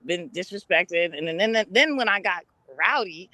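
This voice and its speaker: Bright-toned woman telling stories. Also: lowish voice, moderate pace, no room sound, poor audio. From Brooklyn, New York. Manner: animated storytelling, acts out quoted voices. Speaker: host. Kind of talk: casual live-stream talk.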